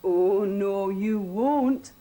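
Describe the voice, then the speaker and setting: A woman's voice: medium pitch, extremely slow, warm tone, rough recording. A woman reading aloud and voicing a proud, self-reliant little hen who speaks in a firm, prim and decided way.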